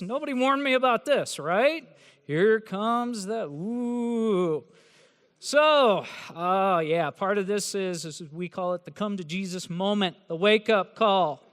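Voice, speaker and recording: A man's voice: sits high, fairly bright tone, clear, resonant tone. A male professor giving a humorous, sarcastic talk to new college students in a large hall. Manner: sarcastic, teasing, joking delivery. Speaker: university professor.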